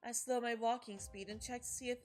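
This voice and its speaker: A woman's voice: fairly high pitch, fairly even intonation, a little fast. A woman streamer reading a game's story text aloud, stumbling and correcting herself, with asides. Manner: reads story text with frequent slips and self-corrections. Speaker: let's play streamer.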